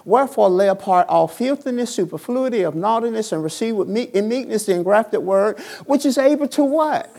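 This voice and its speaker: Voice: medium pitch, expressive, a little fast, hardly any pauses, a little mellow. A pastor preaching a sermon in a church, asking repeated questions and drawing call-and-response from the congregation. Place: church sanctuary.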